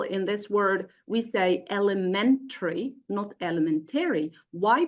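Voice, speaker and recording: A middle-aged woman leads an online training lesson for teachers. She speaks slowly and deliberately, pausing on fillers as she works through each point. The audio is dull and lo-fi, like a computer mic on a video call. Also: medium pitch. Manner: explains step by step with many fillers. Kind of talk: webinar lecture.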